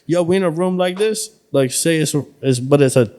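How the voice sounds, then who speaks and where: A man from Buffalo, New York, talking as a podcast guest, telling his story in a profane, streetwise, animated way. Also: fairly high pitch, moderate pace, smooth. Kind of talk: casual storytelling chat.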